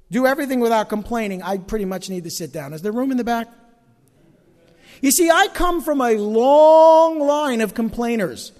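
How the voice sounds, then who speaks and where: A middle-aged man preaches from the pulpit in a high, bright voice that swoops widely between lines. He jokes at his own expense and acts out everyday gripes with animated flair. His words ring out with a long reverb through a large church sanctuary. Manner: animated, humorous, self-mocking, acting out complaints. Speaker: pastor. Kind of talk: sermon.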